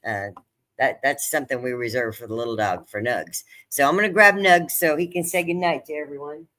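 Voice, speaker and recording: A woman's voice: a bass voice, fairly quick, a bit bright. An older woman chatting casually to viewers on her own livestream, talkative and easily moved, laughing often. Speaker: livestream host. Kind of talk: casual live-stream chat.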